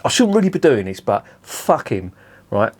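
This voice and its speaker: A man reviewing beer in a blunt, sweary, animated rant. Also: medium pitch, moderate pace, slightly rough. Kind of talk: casual ranting review.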